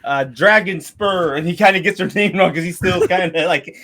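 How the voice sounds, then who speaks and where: Rambling game master, slightly high voice. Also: male voice, normal speed, few pauses, pushed and bright. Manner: rambling, many restarts and fillers, casual swearing. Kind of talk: narrating a tabletop game.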